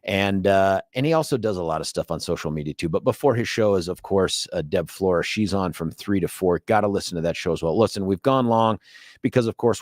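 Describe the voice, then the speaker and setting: A middle-aged man with a low voice hosts a radio talk show, trading jokes and laughing easily as he tells stories. The studio mic sounds close and completely dry. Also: no echo. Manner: joking, laughs often, animated storytelling. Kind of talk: casual radio banter. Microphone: studio microphone.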